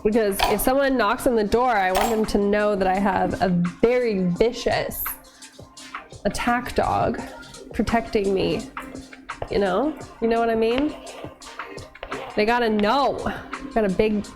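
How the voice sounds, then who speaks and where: A woman's voice: medium pitch, measured pace, long pauses, music in the background. A woman chatting casually with viewers while cooking in her home kitchen, laughing often and cooing at her dog. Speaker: streamer cooking on camera.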